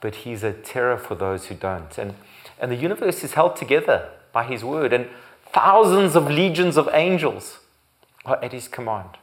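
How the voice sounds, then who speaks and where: A man preaching a sermon as pastor, building to loud, emphatic repeated phrases and sometimes correcting himself. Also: mid-range voice, expressive, moderate pace. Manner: occasional restarts and self-corrections.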